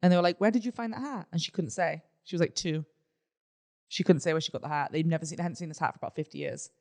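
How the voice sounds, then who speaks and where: Higher-voiced man sharing a family ghost story. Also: fairly even intonation, fast talker, gravelly. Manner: chatty, reacts with short "mm-hmm"s, tells family anecdotes with restarts. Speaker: podcast co-host. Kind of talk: casual conversation.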